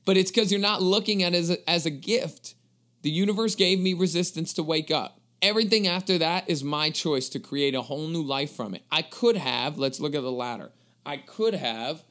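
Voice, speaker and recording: A man, a personal trainer, giving a motivational talk straight to his followers, emphatic and pushing them to pay attention, with loud bursts and quieter asides. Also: a little high, moderate pace. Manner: emphatic, addresses listeners directly, spells words out.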